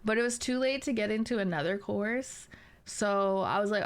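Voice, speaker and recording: A woman's voice: mid-range voice, moderate pace. A young adult woman streamer chatting casually with viewers, laughing often and teasing.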